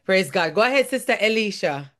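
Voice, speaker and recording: A woman's voice: mid-range voice, lively intonation, fairly quick. A woman leading an online prayer meeting, affirming each speaker and calling on the next.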